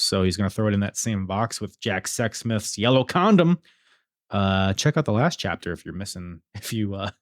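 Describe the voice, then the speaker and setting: A man's voice: mid-range voice, no room sound, clean studio sound. A man hosting a podcast, reviewing wrestling shows in a casual, rambling way with many fillers. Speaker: podcast host.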